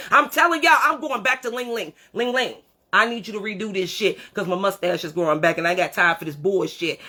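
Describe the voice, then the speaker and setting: Middle-aged woman, livestream host, bright forceful voice, profane and preachy, talks straight to camera. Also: sits high. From Creole background. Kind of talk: unscripted livestream rant.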